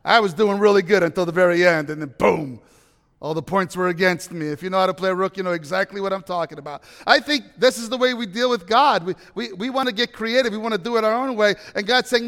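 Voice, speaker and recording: A man preaching a sermon, telling stories animatedly, with loud bursts of emphasis and quiet asides. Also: high-pitched, quick pace. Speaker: pastor. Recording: long hall reverb.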